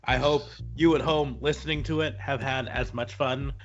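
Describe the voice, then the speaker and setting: A man's voice: medium pitch, steady tone, moderate pace, dull audio. Jokey male podcast host, faint music. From Nebraska, United States. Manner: jokey, laughs often, slips into a mock Canadian bit. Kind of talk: casual podcast chat.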